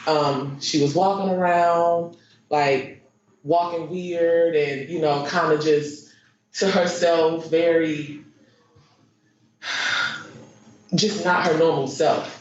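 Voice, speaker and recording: A woman giving courtroom testimony, halting and repeating herself with many fillers. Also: sits low, steady tone, a little hiss or hum. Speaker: witness. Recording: echoey muffled courtroom stream.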